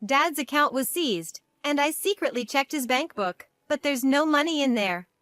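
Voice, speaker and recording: A woman in her thirties telling a first-person family drama story in a steady, matter-of-fact way. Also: fairly high pitch, no echo. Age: 30s. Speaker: narrator.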